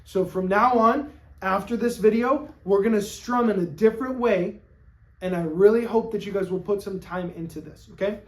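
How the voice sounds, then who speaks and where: A ukulele teacher gives a lesson on camera, friendly and patient, asking "okay?" after nearly every point and counting the beats aloud over ukulele strumming. The voice is medium-pitched at normal speed.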